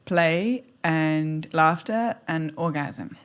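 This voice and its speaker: A woman talking as a podcast guest in an animated, playful way, acting out little scenes as she speaks. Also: sits low, very slow, clear, resonant tone. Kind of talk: conversational interview.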